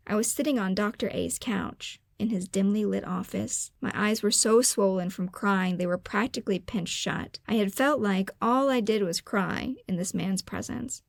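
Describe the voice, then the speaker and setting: A woman hosting a self-care podcast, reading her own personal story aloud in an earnest, measured way and slowing down for emphasis. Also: medium pitch, vocal fry, darkish tone, no room sound. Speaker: podcast host.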